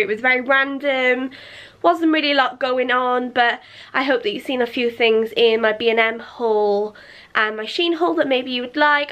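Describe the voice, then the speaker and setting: A woman's voice: a little high, a bit bright, highs cut off. A young woman chatting casually to camera at home, rambling a little and correcting herself as she goes. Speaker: lifestyle vlogger. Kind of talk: casual vlog chat to camera.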